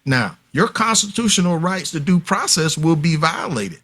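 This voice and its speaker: A man's voice: fairly high pitch, big pitch swings, normal speed, sharp tone, slightly rough. A man speaking as a guest expert on a podcast interview, explaining at length in an emphatic, lecturing way and addressing listeners directly. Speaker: guest expert on paternity fraud.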